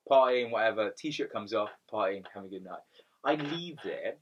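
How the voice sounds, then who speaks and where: A man's voice: lowish voice, lively intonation, moderate pace, dull audio, slight background noise. A man co-hosting a podcast and telling stories in a casual, rambling way, often repeating words. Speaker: podcast co-host. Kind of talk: casual storytelling chat.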